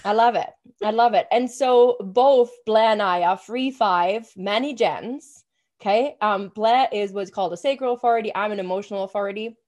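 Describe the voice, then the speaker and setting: A young adult woman co-hosting a casual podcast as a business coach, energetic and swearing freely, with lots of "like" fillers. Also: medium pitch, moderate pace.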